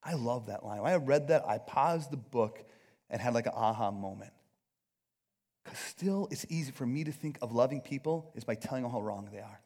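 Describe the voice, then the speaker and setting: A man's voice: mid-range voice, a little fast, darkish tone. A man preaching a sermon in an earnest, conversational and self-deprecating way. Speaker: pastor.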